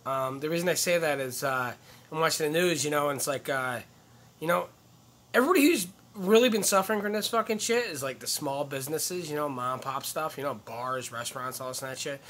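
A man rants to a phone camera, swearing hard and rambling between heated outbursts. His voice sits a bit high and sounds bright and tense. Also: fairly quick. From upstate New York. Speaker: comedian. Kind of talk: profane ranting monologue. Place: in or near a truck.

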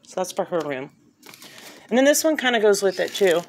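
Brisk and full of big pitch swings, this medium-pitched woman chats upbeat about her shopping haul and reads prices aloud. The vlogger shoots on a handheld phone at home, and slight background noise comes through.

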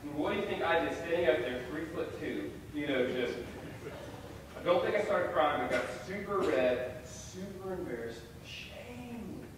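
A young man telling a self-deprecating, animated story as a chapel speaker. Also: a little high, normal speed, heavy background noise. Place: large hall. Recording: echoey hall from far off.

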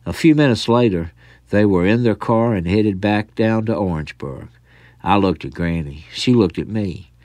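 A man's voice: lowish voice, normal speed, darkish tone, no echo. A man from the South, reading his own short story in a dry, wry storytelling manner. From American South. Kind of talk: storytelling narration.

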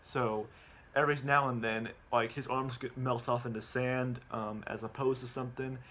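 Halting, rambling man recapping a movie. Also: medium pitch, little pitch movement, fairly bright tone, a little hiss or hum. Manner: halting, full of ums and repeated words. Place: at home.

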